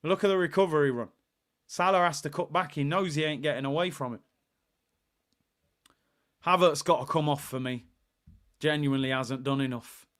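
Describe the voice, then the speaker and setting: An excitable young man, hosting a live football watchalong. His voice sits a bit high and rings bright and forceful. He talks fan commentary over the match and reads out chat messages, then breaks into shouts when the play gets tense. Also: moderate pace, pauses often, clean tone.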